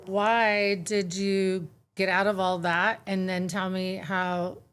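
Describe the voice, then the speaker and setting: A woman's voice: mid-range voice, little pitch movement, takes it slowly, fairly bright tone, smooth. A woman hosting a podcast interview, reacting with short exclamations and laughter and asking curious follow-up questions. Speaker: podcast host. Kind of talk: casual interview.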